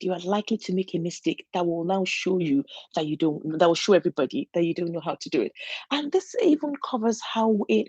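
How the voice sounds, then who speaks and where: Woman, motivational speaker, husky and breathy, earnest and encouraging, dry muffled lo-fi recording. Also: medium pitch, darkish tone, no echo. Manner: earnest, encouraging, many restarts. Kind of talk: inspirational talk.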